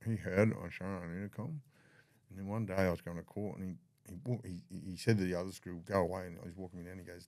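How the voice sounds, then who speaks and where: A man's voice: sits low, fairly even intonation, fast, a little mellow, no echo. An older Australian man telling his story in a blunt, profane way, often acting out what others said. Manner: blunt, swears freely, acts out dialogue. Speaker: podcast guest. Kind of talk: candid storytelling.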